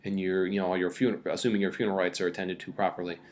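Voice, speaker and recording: A man's voice: deep voice, flat delivery, very fast. A man teaching a casual recorded mini-lecture, talking loosely with many fillers and reading quoted passages aloud with more energy.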